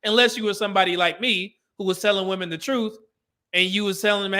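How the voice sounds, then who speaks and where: A man's voice: high voice, fairly even intonation, quick pace, pushed and bright. A man hosting a show, giving blunt, emphatic, opinionated commentary. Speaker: show host.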